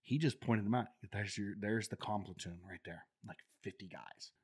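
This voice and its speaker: A middle-aged former Marine tells stories casually in a lowish, slightly rough voice at normal speed. He's animated, acts out the voices of the people in his tales and laughs often.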